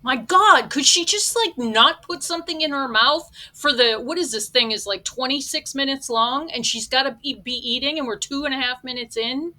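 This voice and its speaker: Scornful middle-aged woman, bright voice. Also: high-pitched, brisk, few pauses. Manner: blunt, scornful and sarcastic. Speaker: reaction vlogger. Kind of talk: ranting reaction commentary.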